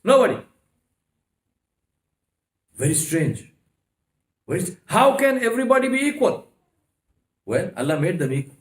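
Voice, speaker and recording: A man's voice: high voice, big pitch swings, unhurried, long pauses. Emphatic male lecturer in an echoey hall. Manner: emphatic, rhetorical questions, repeated "no, no, no". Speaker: Islamic lecturer. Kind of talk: religious lecture. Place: mosque hall.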